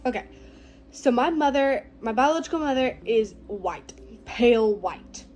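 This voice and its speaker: A teenage girl talking casually to the camera, slow and reflective, her phrases often trailing off softly. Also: on the high side, expressive, background noise. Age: teens. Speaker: vlogger. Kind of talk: casual personal talk to camera.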